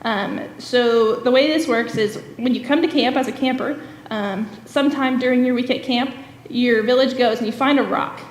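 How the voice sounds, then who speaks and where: A woman's voice: a little high, moderate pace. Earnest woman telling stories in an echoey church. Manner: earnest storytelling with frequent "um" fillers. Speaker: camp executive director, guest speaker. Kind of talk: church message, storytelling. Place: church sanctuary. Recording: echoey church hall with long reverb.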